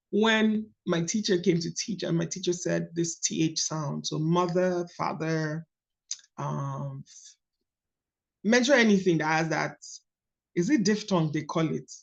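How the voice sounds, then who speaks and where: A woman in her thirties with a Nigerian accent, leading a coaching call on a book study in a lively, emphatic teaching manner. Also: deep voice, vocal fry, lo-fi sound. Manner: animated, storytelling, emphatic. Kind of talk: casual teaching talk.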